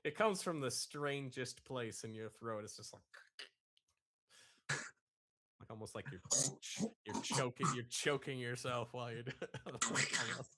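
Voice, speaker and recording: A man's voice: medium pitch, unhurried, pauses often, bright, forceful tone. A man appearing as a guest on a live show, talking casually and a bit hesitantly about doing voices, on a remote call. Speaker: guest voice impressionist. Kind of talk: casual live-stream chat. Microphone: remote call over Discord.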